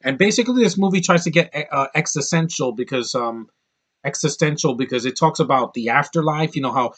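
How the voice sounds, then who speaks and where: A man's voice: on the high side, animated, fairly quick, fairly bright tone. A man giving a casual, rambling movie review to camera, opinionated and full of fillers and restarts. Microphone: camera mic, close to camera.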